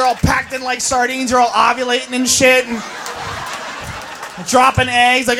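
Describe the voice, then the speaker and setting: A woman's voice: sits high, completely flat delivery, moderate pace, raised voice. A woman doing a stand-up comedy routine on a club stage, brash and profane, acting out characters. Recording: live show with crowd noise.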